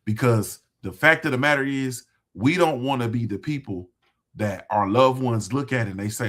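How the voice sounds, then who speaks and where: A man's voice: medium pitch, moderate pace, a bit bright. A man hosting a motivational talk for his viewers, speaking in a conversational, emphatic way, repeating phrases for emphasis. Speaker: host.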